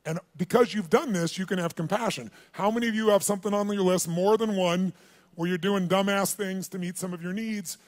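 A man's voice: sits high, a little fast. A man telling a story at a motivational seminar, acting out the dialogue and calling on the live audience to answer. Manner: animated, acts out dialogue, calls on the audience. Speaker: motivational speaker.

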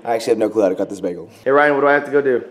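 A man's voice: medium pitch, racing. Young guy vlogging behind the scenes, jokey, just chatting to the camera. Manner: joking, playful narration. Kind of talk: casual behind-the-scenes vlog.

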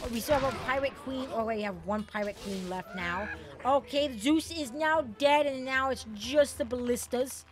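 Excitable woman narrating gameplay. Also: high-pitched, moderate pace, faint music behind. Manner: excitable, swears freely, bursts into shouts and laughter. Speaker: gaming channel host. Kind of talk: gameplay commentary.

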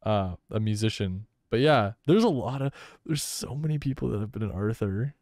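A man's voice: fairly low pitch, no echo, clean studio sound. A young man co-hosting a college radio show, chatting loosely and rambling. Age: young adult. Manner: rambling, animated, quick to laugh. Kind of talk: casual chat. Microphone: studio microphone.

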